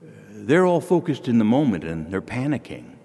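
A priest preaches to his congregation and tells stories in a relaxed, folksy way. His voice rises and falls in a lively sing-song. A long church reverb trails behind each phrase. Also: medium pitch, normal speed. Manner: folksy, storytelling with homely asides. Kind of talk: sermon.

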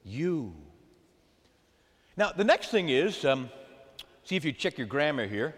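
Male preacher, high, very lively voice, calls out to his congregation, church hall with long reverb. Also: normal speed. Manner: animated call-and-response with the congregation. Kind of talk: sermon.

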